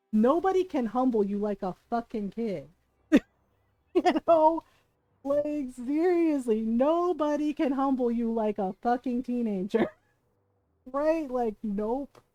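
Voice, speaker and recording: Her voice is on the high side and mellow as this woman of Filipino family background games and chats candidly with stream viewers. She swears freely, laughs mid-sentence and tags her sentences with "right?". The recording is low quality, with no room sound.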